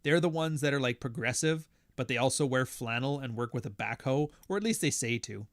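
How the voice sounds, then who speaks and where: Canadian male podcast host, mid-pitched, sardonic and foul-mouthed, ranting in a dead room. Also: a little fast, no room sound, clean studio sound. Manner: profane, blunt, sardonic. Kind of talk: casual podcast rant.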